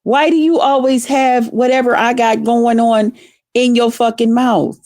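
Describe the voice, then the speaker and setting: A fairly high-voiced woman tells a story in a slow, drawn-out rant, swearing freely and playing it up for her viewers. The sound is close and dry, with no room around her. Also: no echo. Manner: profane, animated, dramatic. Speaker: vlogger.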